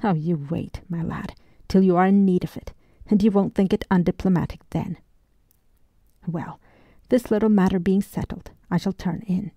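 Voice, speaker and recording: A woman reading the lines of a blunt, hot-tempered male sea captain in an audiobook, in a gruff and brash manner. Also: medium pitch, fairly even intonation, normal speed, no room sound, muffled recording, lightly acted. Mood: boastful.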